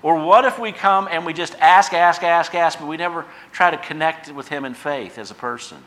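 Bright-voiced man preaching a sermon. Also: on the high side, normal speed. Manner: impassioned preaching, swells loud on repeated phrases then drops quiet; conversational asides to the congregation. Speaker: pastor.

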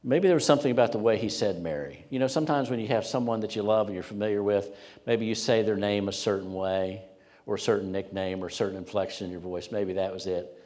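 A male pastor preaching to a congregation in an emphatic, storytelling manner, leaning on repeated words. His voice sits low, and a long reverb fills the church hall around him. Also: fast talker, darkish tone. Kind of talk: sermon.

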